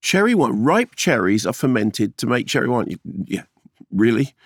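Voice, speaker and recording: A man's voice: mid-range voice, very animated, moderate pace, dry recording. A man co-hosting a film podcast, joking and chuckling through casual banter in a studio. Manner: jokey, chuckling, looks things up aloud. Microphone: studio microphone.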